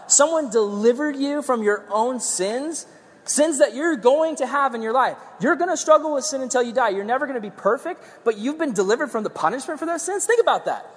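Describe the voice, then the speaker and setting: In a large hall, a man with a very high voice preaches a sermon energetically and conversationally, tossing in playful asides. His voice is a little strained because he's losing it.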